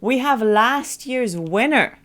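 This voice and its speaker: A woman's voice: a little high, animated, takes it slowly, fairly bright tone. A woman co-hosting a casual home award show, upbeat as she announces the winners. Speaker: co-host.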